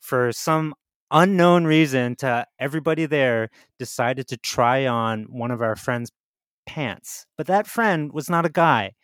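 A man's voice: mid-range voice, unhurried, fairly bright tone, dry recording, clean studio sound. A man in his thirties co-hosting a podcast, playful and teasing in casual chat. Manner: playful, teasing, fond of bits. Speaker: podcast co-host.

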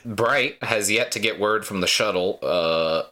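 Man, lower voice, bright edge, relaxed recap chat, dry humor. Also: unhurried. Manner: laid-back, sums up plot beats, dry jokes. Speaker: podcast co-host. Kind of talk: casual recap chat about an anime.

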